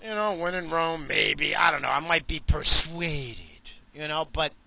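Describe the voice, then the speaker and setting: A middle-aged man from the United States ranting casually and profanely to his viewers while driving, animated, cursing and mocking himself. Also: on the high side, unhurried, gravelly, rough recording. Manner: animated, swearing, self-mocking. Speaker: vlogger.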